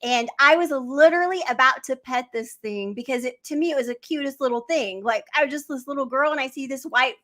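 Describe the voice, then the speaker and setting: Bright-voiced woman hosting a devotional livestream. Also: high voice, brisk, hardly any pauses. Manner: enthusiastic, rambling, speaks fondly to viewers. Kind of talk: casual live-stream chat. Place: at home.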